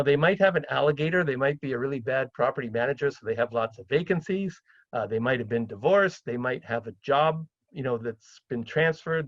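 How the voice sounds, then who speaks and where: A middle-aged man from Canada giving a chatty seminar talk on property deals, often acting out phone calls in a livelier, higher voice. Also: no room sound, highs cut off. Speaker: real estate investor speaking at a seminar.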